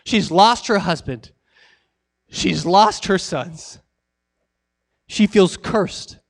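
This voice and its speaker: Earnest high-voiced male pastor preaching. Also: drawn-out words, creaky. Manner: earnest, emotional preaching with sudden drops to quiet. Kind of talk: sermon.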